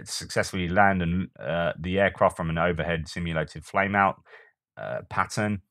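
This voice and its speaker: A very deep-voiced man talks through the day's news in a loose, off-the-cuff commentary style. He often restarts his sentences and fills pauses with little hesitations as he works out what he wants to say. The sound is dry and close, with no room around it. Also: a bit bright, no echo. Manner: thinking aloud with fillers and self-corrections.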